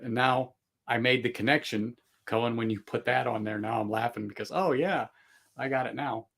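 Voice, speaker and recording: A man's voice: medium pitch, normal speed, gravelly, a bit bright. A man hosting a casual livestream chat, rambling with many fillers and restarts and laughing often. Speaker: livestream host.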